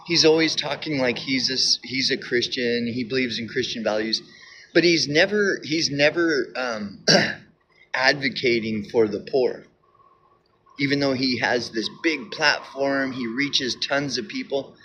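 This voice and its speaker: Emphatic, halting man with bright voice. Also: mid-range voice, a little hiss or hum. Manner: repetitive, halting with restarts and fillers; insistent, emphatic. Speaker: video commentator. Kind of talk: casual monologue.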